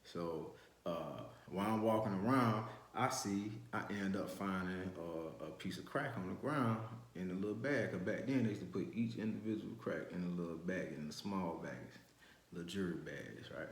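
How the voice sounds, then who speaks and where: A man tells a first-person story from his youth. His voice sits on the low side, and he rambles with constant restarts and street slang. The room around him has a noticeable echo. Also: moderate pace. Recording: roomy echo.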